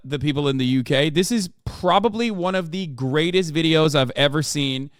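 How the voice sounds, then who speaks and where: A man's voice: fairly high pitch, a bit bright, clean tone, no room sound, studio quality. A man hosting a live stream, reacting to a clip with casual, profane, mocking commentary.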